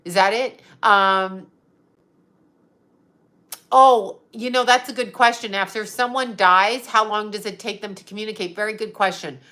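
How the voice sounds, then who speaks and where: A woman's voice: medium pitch, a little slow, pushed and bright. A woman in her fifties chatting casually on a livestream, blunt, sarcastic and profane, laughing often as she answers viewers. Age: 50s. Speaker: psychic medium and livestream host.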